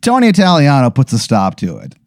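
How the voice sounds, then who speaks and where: A man's voice: mid-range voice, huge pitch swings, a little fast, darkish tone, no echo. A man improvising a comic scenario as the storyteller, rambling with fillers. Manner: rambling, with fillers, laughing at his own bits. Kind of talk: improvised comedic narration.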